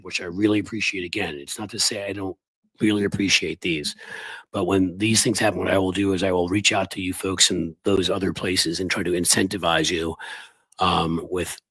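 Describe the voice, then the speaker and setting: A man hosting a political live stream, raspy from the flu, talking bluntly and conversationally to his viewers. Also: deep voice, a bit bright, no echo, poor audio. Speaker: political commentary host.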